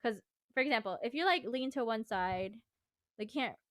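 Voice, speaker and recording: A woman's voice: on the high side, expressive, normal speed, fairly bright tone, no room sound, clean studio sound. A woman vocal coach giving a casual singing lesson, explaining exercises in a chatty, rambling way.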